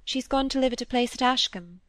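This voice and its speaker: A woman's voice: high voice, a little fast, fairly bright tone, no echo, pitched above the performer's own voice. A woman voicing a shy, sincere young woman who speaks earnestly and a little wistfully, in an audiobook reading.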